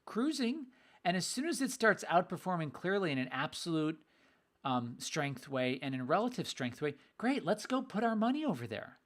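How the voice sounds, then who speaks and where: A middle-aged man giving a casual video lesson on investing, energetic, repeating phrases for emphasis with a mildly sarcastic edge. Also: high-pitched. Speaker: investing educator.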